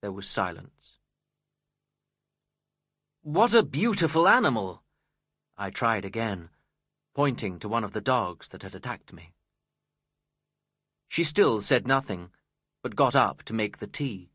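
A man reading a story aloud as its narrator, in a slow, measured and expressive way. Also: on the low side, husky, no echo, studio quality.

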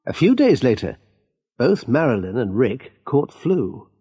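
A man narrating a graded-reader story in a clear, measured way. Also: medium pitch, huge pitch swings, warm tone, soft background music. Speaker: audiobook narrator.

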